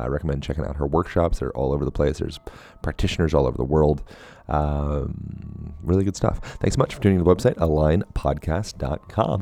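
Deep-voiced playful male podcast host. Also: gravelly, warm tone, dry recording. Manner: playful, jokey, laughs easily. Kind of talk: casual podcast chat and ad reads.

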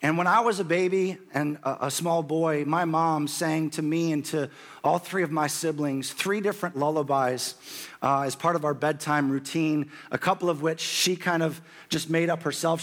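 A man in his thirties with a hoarse voice, preaching a sermon as a pastor and lifting his voice when he quotes scripture. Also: fairly bright tone. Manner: rises in pitch and volume when quoting scripture.

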